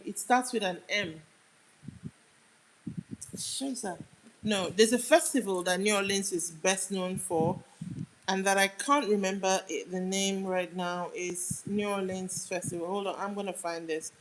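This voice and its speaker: A woman's voice: medium pitch, a bit bright, poor audio. A young woman with a Nigerian accent hosts a casual livestream. She chats with her viewers and reads out their comments as she goes, often trailing off mid-sentence. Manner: chatty, answers comments aloud, drifts off mid-sentence. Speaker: livestream host.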